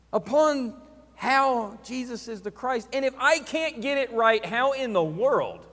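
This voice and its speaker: A male preacher with a high voice gives a sermon and retells scenes dramatically, acting them out as he goes. His words ring with long reverb in a church hall.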